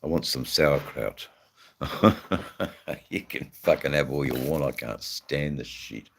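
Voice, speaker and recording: A man's voice: very deep voice, takes it slowly, vocal fry, slight background noise. An Australian man hosting a casual live stream, rambling and swearing freely as he chats with his viewers. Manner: rambling, swears freely, many "you know"s.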